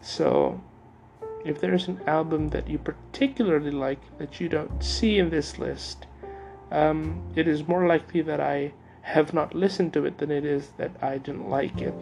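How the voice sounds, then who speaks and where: Young guy doing a solo podcast, slow and halting, lots of ums, gravelly edge, faint guitar music underneath. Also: on the high side, a little mellow. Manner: hesitant, many fillers and restarts. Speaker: podcast host. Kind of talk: casual solo podcast talk.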